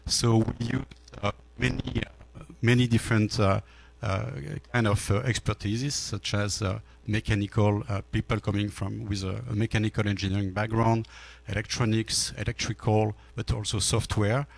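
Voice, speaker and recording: A gravelly, low-voiced man in his fifties speaks English with a French accent. He gives panel remarks at a business forum, pausing often on fillers and restarting his sentences. His voice has a rough, creaky edge. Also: level tone. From France. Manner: halting, many fillers and restarts. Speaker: panel speaker, energy storage executive.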